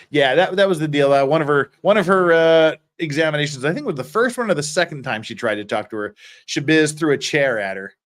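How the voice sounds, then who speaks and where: A man with a fairly high, slightly bright voice hosts a loose legal commentary livestream, reading viewer comments aloud and answering bluntly. He swears freely and rambles, restarting sentences as he goes.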